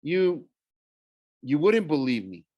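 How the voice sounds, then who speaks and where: A man voicing a sharp-tongued teen girl. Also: on the high side, very animated, takes it slowly, dry recording, highs cut off, pitched above the performer's own voice. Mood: urgent. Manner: blunt and urgent.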